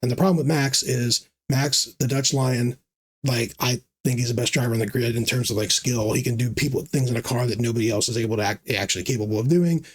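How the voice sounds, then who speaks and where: Rambling, sarcastic man with jumpy pitch. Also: brisk. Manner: rambling, sarcastic, teasing, with many fillers and restarts. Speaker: fantasy sports video host. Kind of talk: rambling casual commentary.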